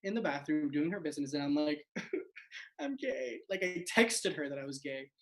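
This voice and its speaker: A man's voice: on the high side, moderate pace, fairly bright tone, low-quality recording. Chatty man telling a stand-up story. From South Florida. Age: late 20s. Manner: chatty, peppered with "like", self-mocking. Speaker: host and stand-up comedian.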